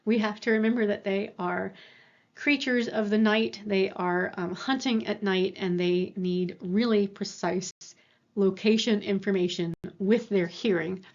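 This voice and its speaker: A woman lecturer explains at a moderate pitch, stopping often for fillers and restarting her sentences. The recording sounds a little dull and muffled. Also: fairly even intonation, measured pace, darkish tone. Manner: explanatory, with frequent fillers and self-corrections. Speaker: university lecturer.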